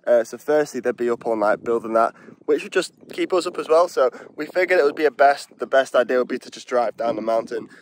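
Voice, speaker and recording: A man's voice: mid-range voice, a little fast, a little hiss or hum. Chatty man vlogging outdoors. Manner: chatty, excitable, swears mildly. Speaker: cycling vlogger. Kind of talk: casual vlog chat. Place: outdoors on hills.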